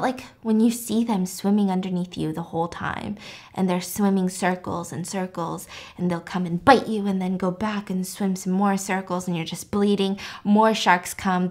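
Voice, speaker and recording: A woman voicing a young man on a stuck ski lift, slowly describing a gruesome death in a low, drawn-out voice. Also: close to an everyday voice.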